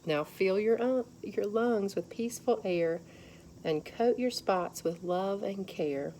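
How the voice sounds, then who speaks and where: Slow, gentle woman reading a children's lesson. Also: mid-range voice, slight background noise. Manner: gentle, slow, guiding children through counting. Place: church.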